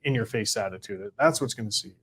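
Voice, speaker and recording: Fast-talking panelist man. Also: fairly low pitch, slight background noise. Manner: rapid, animated, acts out imagined quotes. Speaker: panelist and columnist. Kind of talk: casual political panel discussion.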